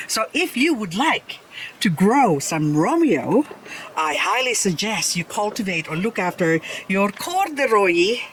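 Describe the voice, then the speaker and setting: A woman's voice: mid-range voice, slight background noise, rough recording. A woman hosting a casual gardening vlog in her garden, chatting and pointing things out plant by plant, often laughing. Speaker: succulent grower, channel host. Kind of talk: casual show-and-tell vlog. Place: outdoors in a garden.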